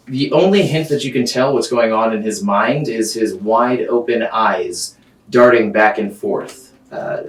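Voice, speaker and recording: Deep voiced dude running a tabletop game, lots of ums, echoey room, mic far away, soft music. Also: male voice. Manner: descriptive, halting narration full of ums and uhs. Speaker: game master. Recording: roomy, distant mic, faint music.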